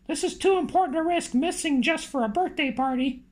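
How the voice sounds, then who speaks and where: A nervous, eager young man talks quickly, a little stammering, as a woman narrator reads him. The voice stays high and close to the reader's own. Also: a little mellow, close to an everyday voice.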